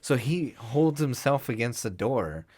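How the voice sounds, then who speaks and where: A man's voice: medium pitch, expressive, measured pace, darkish tone, slightly rough, no room sound. Young guy rambling thru a story, like so like, dry close sound. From Chicago area. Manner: rambling, many fillers, laughs through stories. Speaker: podcast co-host. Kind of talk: casual storytelling chat.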